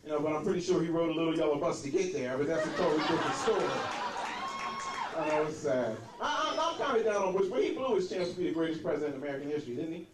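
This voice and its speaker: A man doing a crude, brash stand-up comedy set in a comedy club, slipping into quick impressions of the people in his stories. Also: a little high, lively intonation, background noise. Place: comedy club stage with a laughing audience. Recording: roomy club recording from a distance, crowd laughter.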